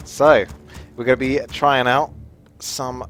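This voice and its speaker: A man's voice: mid-range voice, level tone, takes it slowly, a bit bright, soft background music. A man from Australia with an Australian accent, giving chatty, jokey commentary on a strategy game as he plays and thinks aloud. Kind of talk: casual gameplay commentary.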